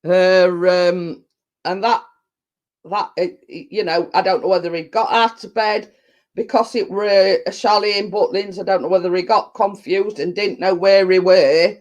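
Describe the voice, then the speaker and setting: On dull-sounding audio, a middle-aged woman speaks at medium pitch in a steady, darkish tone, a little slowly. She chats casually with viewers in a live session, reading their comments, rambling, laughing and often repeating herself.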